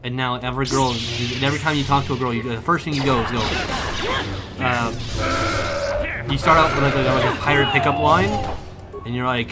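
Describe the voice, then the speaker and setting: A young man livestreaming a game, bantering loudly and profanely with his chat and joking around. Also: medium pitch, fairly even intonation, brisk, long pauses, loud music behind the voice. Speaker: streamer. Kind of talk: casual livestream chat while gaming.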